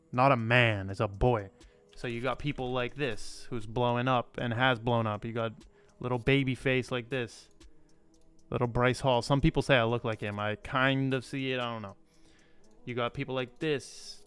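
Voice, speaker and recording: Man, crypto channel host, smooth resonant voice, rambling emphatic talk, faint music behind. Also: medium pitch, dry recording. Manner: rambling, emphatic, repeats himself; blunt, swears casually. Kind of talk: casual commentary to camera.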